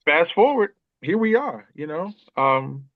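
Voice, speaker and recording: Animated storyteller man in his 50s. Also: fairly high pitch, measured pace, no room sound, phone-quality sound. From Atlanta, USA. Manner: animated storyteller who acts out quoted voices. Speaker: guest, author and chess coach. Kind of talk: conversational storytelling.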